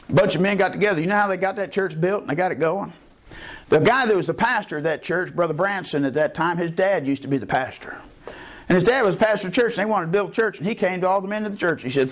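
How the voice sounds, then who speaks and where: A pastor preaching a Baptist sermon, calling out questions to the congregation and telling folksy stories. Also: male voice, on the high side. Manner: folksy storytelling.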